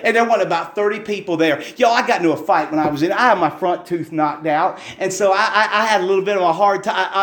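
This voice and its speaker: A man's voice: high-pitched, a bit bright, roomy sound. A man preaching a fervent, folksy testimony sermon in a church, repeating his phrases for emphasis.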